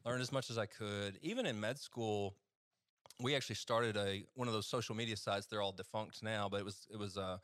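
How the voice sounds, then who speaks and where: A man's voice: on the low side, steady tone, brisk, fairly bright tone, no room sound, studio quality. A man with an East Texas accent, a physician guest casually telling stories on a podcast, chatty and self-deprecating.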